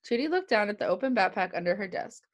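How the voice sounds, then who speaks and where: A woman's voice: mid-range voice, fast talker. A young woman reading a children's chapter book aloud to kids, giving each character their own voice. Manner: lively, puts on voices for the characters.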